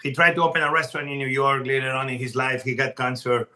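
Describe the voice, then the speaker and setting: Bright, animated man telling stories. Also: mid-range voice, quick pace. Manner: animated, emphatic, restarts sentences. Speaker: chef guest. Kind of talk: casual podcast storytelling.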